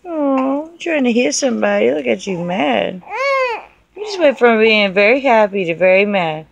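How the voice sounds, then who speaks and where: A woman's voice: fairly high pitch, very animated, moderate pace, creaky, no room sound, dull audio. A young woman filming her baby on a phone at home, talking in coaxing, playful baby talk. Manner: sing-song, coaxing and playful. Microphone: phone held over the baby.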